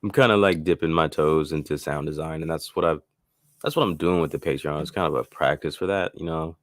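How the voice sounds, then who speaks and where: A man with a bass voice hosts a casual live-stream tutorial on making beats, speaking fairly quickly. He rambles loosely with lots of fillers and restarts, and the recording is dry.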